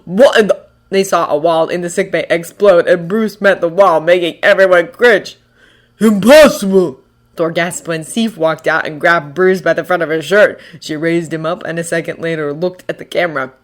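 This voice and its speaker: A reader narrating a fanfiction audiobook in an even storytelling voice. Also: medium pitch, normal speed, few pauses.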